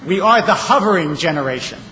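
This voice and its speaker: A man's voice: sits high, lively intonation, brisk, noisy background. Man preaching in a reverberant hall. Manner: storytelling with wry humor. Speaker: rabbi. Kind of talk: sermon. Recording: reverberant hall, faint ambience.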